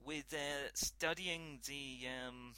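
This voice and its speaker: A man voicing a serious elderly French scientist with a put-on French accent, halting and formal. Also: medium pitch, fairly even intonation, sharp tone, clear, resonant tone, no room sound. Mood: grandly earnest.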